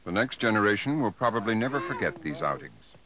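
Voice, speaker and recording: A man narrating a 1980s broadcast documentary in a measured, polished delivery. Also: on the low side, sing-song, crowd noise, poor audio.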